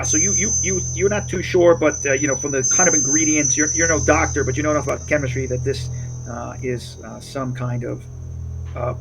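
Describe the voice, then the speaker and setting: A game master describes the scene in a tabletop game, hesitating and filling pauses while looking things up. The voice sits at a middle pitch, with loud music playing underneath. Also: rough recording. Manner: hesitant, many fillers.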